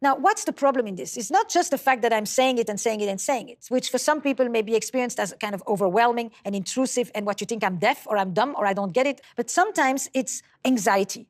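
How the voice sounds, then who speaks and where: A woman giving a measured, explanatory talk on communication, sometimes acting out quoted dialogue. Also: fairly high pitch, animated, darkish tone. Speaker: speaker on communication. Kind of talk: lecture-style talk.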